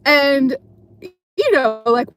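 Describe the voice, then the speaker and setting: A woman's voice: sits high, big pitch swings, drawn-out words, a bit bright. A woman telling a story in a casual live chat from her car, rambling with lots of fillers and restarts. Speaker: live streamer. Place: car at night while driving.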